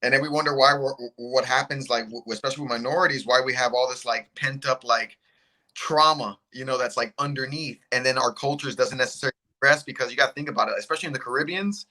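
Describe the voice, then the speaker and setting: Laid-back man with a bright voice. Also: mid-range voice, fast. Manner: laid-back, loose talker. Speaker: guest, UFC fighter. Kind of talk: casual interview chat. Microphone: video call without earbuds.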